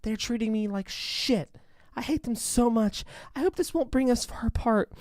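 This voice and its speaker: Lovesick furious teen girl, a guy reading her lines, voice pushed up higher, dry close sound. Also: normal speed, darkish tone, no room sound. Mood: bitter. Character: lovesick angry teenage girl writing a letter.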